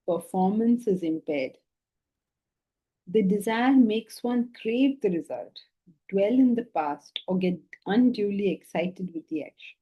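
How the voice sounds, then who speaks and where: Woman spiritual teacher, lively lecturing voice full of rhetorical questions, medium pitch, on a dull, muffled recording. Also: husky. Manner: animated, with rhetorical questions and repeated words. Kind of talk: philosophy lecture with storytelling.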